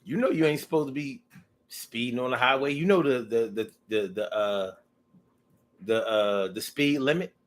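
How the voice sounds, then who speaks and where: A man talking in a casual, rambling monologue, animated and profane, to his own audience. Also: medium pitch, normal speed. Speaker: vlogger.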